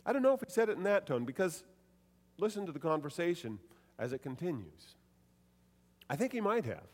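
Pastor guy preaching, animated, acts out the quotes, highish voice, big echoey church hall. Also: brisk. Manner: animated preaching, acting out quoted lines with shifts in pitch and loudness. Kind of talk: sermon.

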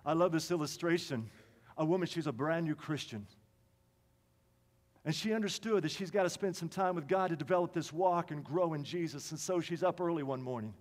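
A man preaching a sermon with passion, swinging from emphatic lines to quiet ones. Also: on the high side, a little fast. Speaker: pastor. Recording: long reverb of a large hall.

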